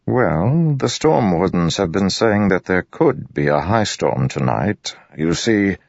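Male narrator as a proud, wary prince: skeptical and smoothly evasive, with a gravelly edge. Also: sits low, animated, takes it slowly, no room sound, highs cut off, voice pushed up, heavily acted. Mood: probing. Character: wary proud high prince, middle-aged man.

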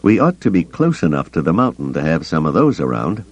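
Man doing a brisk, commanding space captain. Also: extremely low pitch, very animated, breathy edge, dry recording, exaggerated voice. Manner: brisk, giving orders. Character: brash male starship captain, decisive leader. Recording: dull lo-fi cassette tape.

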